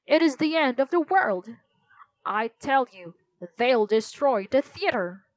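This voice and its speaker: A fussy middle-aged theater manager in a storybook reading, wailing and panicking with a high, strained voice, as a woman reader puts him on. The sound is close and dry. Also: lively intonation, measured pace, dry recording. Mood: panicked.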